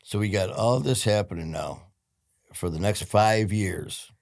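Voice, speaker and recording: Male host, low voice, dry close sound, conversational storyteller. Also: a little slow, darkish tone, no echo. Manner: storytelling, emphatic when retelling. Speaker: podcast host. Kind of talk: conversational interview.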